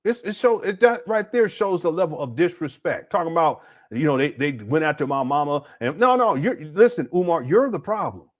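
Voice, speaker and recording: A man hosting a relaxed livestream who talks back at the clips he plays and scolds the speaker. His voice is on the high side and very animated. His delivery is casual and loose. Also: brisk, hardly any pauses. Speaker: host reacting to clips.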